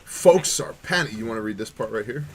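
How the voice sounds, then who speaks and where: A man's voice: lowish voice, lively intonation, fairly quick, a bit bright, slight background noise. A man hosting a casual livestream chat, joking and bantering with his co-host. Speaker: podcast host.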